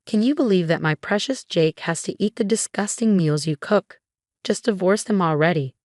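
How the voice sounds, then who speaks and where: A woman's voice: on the low side, moderate pace, a little mellow, dry recording, studio quality, close to an everyday voice. A woman reading a sneering, spiteful mother-in-law. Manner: sneering, insulting. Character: spiteful, scornful middle-aged mother-in-law.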